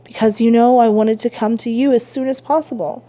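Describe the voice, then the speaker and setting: A woman's voice: a little high, fairly even intonation, brisk, warm tone, voice pushed up, lightly acted. Woman reading as an earnest young sailor. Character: young male sailor, earnest and devoted son.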